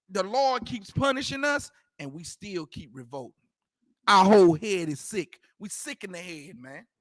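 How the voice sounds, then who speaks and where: In a clean, dry studio recording, a man with a high, fairly bright voice teaches a scripture class. He preaches emphatically in colloquial street talk, repeats his points, and prompts the reader to go ahead.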